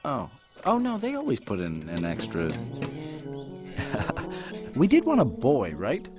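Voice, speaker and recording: Mild robot father: slow, wide-ranging delivery, dull clip with loud score. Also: medium pitch, wildly swooping pitch. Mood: fumbling. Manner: mild, fumbling, reassuring. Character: gentle middle-aged robot father. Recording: dull film clip with music.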